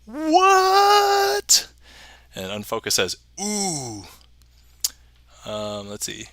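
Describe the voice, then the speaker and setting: A man's voice: medium pitch, normal speed, sharp tone, no room sound. A man hosting a casual livestream magic show, chatting, reading viewer messages aloud and chuckling often.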